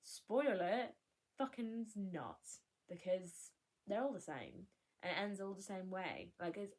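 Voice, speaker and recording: Young woman, vlogger, casual chat, rambling, candid, self-interrupting, mid pitch. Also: animated, unhurried.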